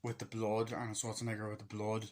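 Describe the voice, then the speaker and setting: A young man retelling a movie's scenes in a casual, swear-filled way, acting out lines in a higher voice. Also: completely flat delivery, fast, a little mellow. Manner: swears a lot, acts out film quotes in a higher voice. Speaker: movie reviewer. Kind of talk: casual film recap.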